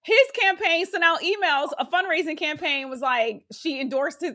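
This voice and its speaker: A woman's voice: high-pitched, normal speed, sharp tone. A woman co-hosting a podcast, chatting casually about politics, laughing often, swearing and reading quotes aloud. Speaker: podcast co-host.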